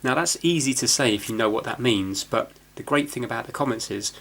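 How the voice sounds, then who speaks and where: A man's voice: mid-range voice, a little fast, a bit bright. A man hosting a repair video, explaining his work in a casual, rambling way with plenty of fillers and restarts. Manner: chatty, rambling, self-deprecating, many fillers and restarts.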